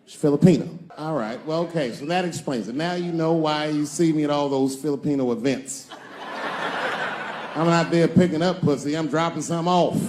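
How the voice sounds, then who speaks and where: A man's voice: on the high side, moderate pace, darkish tone, a little hiss or hum. A man in his forties performing a crude, conversational stand-up set and riffing with the audience. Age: 40s. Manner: crude, conversational storytelling, riffs with the crowd. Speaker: stand-up comedian.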